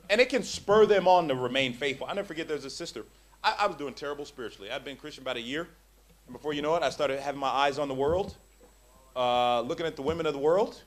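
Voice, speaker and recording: A man preaching a sermon in a church, swinging from hushed tones to loud emphasis and stumbling over restarts when excited. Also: fairly high pitch.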